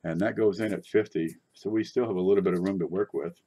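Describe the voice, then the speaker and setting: A man hosting a coin collecting show in casual livestream chat from his desk, rambling and chatty with sudden excited outbursts. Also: low-pitched, quick pace. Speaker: coin collecting channel host.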